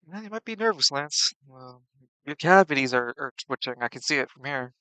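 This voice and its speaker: A young man narrating a tabletop game as game master, animated, swinging between loud and quiet and stumbling over his words. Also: medium pitch, a little fast, clean tone, dry recording, rough recording.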